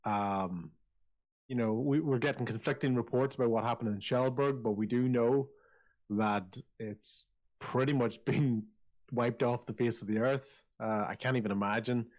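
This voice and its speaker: A man voicing a worried, kindly father who talks gently and stammers as he hesitates. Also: medium pitch, normal speed, close to an everyday voice. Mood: concerned.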